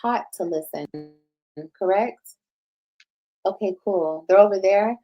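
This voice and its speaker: A woman's voice: mid-range voice, takes it slowly, highs cut off, faint music behind. A woman in her thirties talking on a livestream, defensive and explaining herself, with the odd cuss word. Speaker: livestreamer being reacted to. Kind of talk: casual livestream talk.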